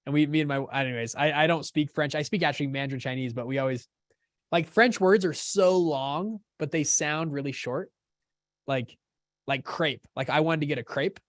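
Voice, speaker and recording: A fairly high-voiced man runs a live class in a casual, upbeat way. He keeps pausing to ask whether his listeners are keeping up. The sound is close and dry, with no room echo. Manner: casual, upbeat, often checks understanding. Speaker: course host. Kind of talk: live teaching session.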